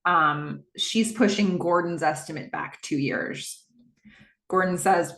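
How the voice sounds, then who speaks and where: A woman's voice: lowish voice, slow, fairly bright tone, reverberant. A woman hosting a podcast, casually recapping a TV episode, narrating scenes and reading out the dialogue. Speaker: podcast host.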